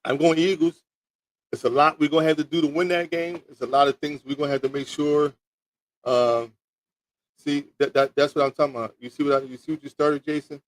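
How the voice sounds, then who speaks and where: A man's voice: on the high side, steady tone, a little fast, no room sound, low-quality recording. Teasing, rambling man talking football picks. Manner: rambling, repeats words, teasing chat with mock toilet flushes. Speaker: sports talk host. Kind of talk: casual football picks talk, reacting to live chat.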